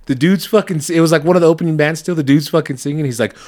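A young man co-hosting a casual podcast, telling profane stories with lively impressions of the people in them. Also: fairly high pitch, very fast. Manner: profane storytelling, animated impressions. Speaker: podcast co-host. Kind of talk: casual chat.

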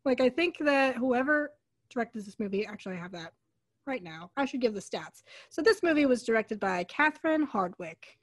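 A woman's voice: a little high, normal speed. A young woman co-hosting a casual podcast, critically retelling a movie's scenes. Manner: chatty, critical, animated retelling. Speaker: podcast co-host. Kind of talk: casual movie recap chat.

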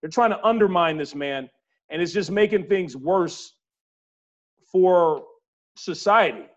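Brief: male show host, higher-pitched, blunt and profane, dull lo-fi recording. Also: measured pace. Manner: blunt, profane, pushes hypotheticals. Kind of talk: casual podcast chat.

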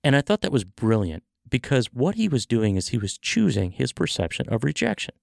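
A man with a gravelly, textured voice talks in an animated way, his pitch swinging up and down as he acts out conversations and coaches his listeners. The sound is close and dry, with no room around it. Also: fairly quick, no room sound. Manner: animated storytelling, acting out dialogue. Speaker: podcast host, sales coach. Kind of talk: motivational podcast talk.

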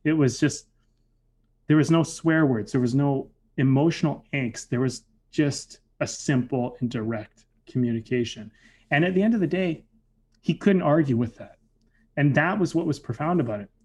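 Speaking at a normal pace in a mid-range, somewhat dark voice, a man reflects casually on a personal story. He leans constantly on fillers like "like" and "you know."

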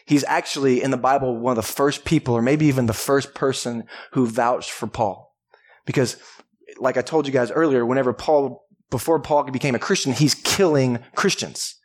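A man preaching a Sunday sermon as pastor of a church, animated and climbing high in pitch when he acts out an excited friend. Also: moderate pace. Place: church service.

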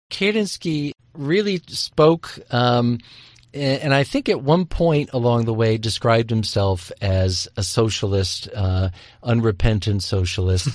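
A man speaks as a historian, giving measured and explanatory answers in an interview. His voice is close and dry, with no room sound around it. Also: mid-range voice, no echo.

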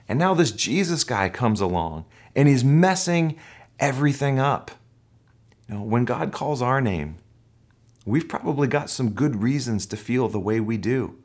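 A man's voice: mid-range voice, measured pace. A man preaching a sermon, telling stories with animation and acting out voices. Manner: animated storytelling, acts out voices. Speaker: pastor.

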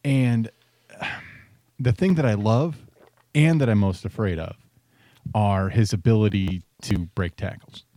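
A man's voice: lowish voice, measured pace, pauses often, warm tone, no echo. A man co-hosting a podcast, trading laid-back wisecracks about sports. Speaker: podcast co-host. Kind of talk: casual sports chat.

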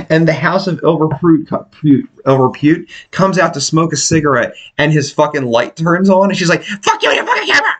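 A man co-hosting a podcast in casual, profane chat, animated and quick to mimic other people's voices. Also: on the high side. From United States. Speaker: podcast co-host.

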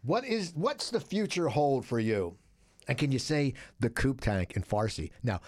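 A man hosting a podcast interview, chatty and rambling, his voice jumping up when he gets excited. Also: medium pitch, unhurried, dry recording, studio quality. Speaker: podcast host. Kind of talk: casual interview chat.

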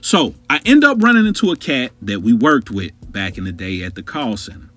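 A man in his thirties telling a long personal story on a podcast, profane and animated, talking straight to his listeners. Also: medium pitch, a little fast, faint music behind. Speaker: podcast host.

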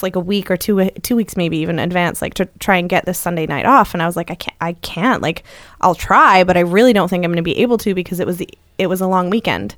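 A woman, co-hosting a podcast and telling a story in a lively chatty way. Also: no room sound, clean studio sound. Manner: animated, acts out quoted lines with jumps in pitch. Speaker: podcast co-host. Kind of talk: casual storytelling chat.

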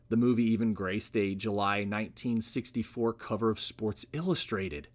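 A man hosting a history podcast, telling the story conversationally with wry asides. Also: medium pitch. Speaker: podcast host. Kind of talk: casual history podcast narration.

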